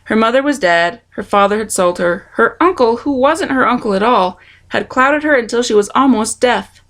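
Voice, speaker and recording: A woman reading a children's novel aloud, expressive and speaking to the listener. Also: on the high side, moderate pace. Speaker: storytime reader.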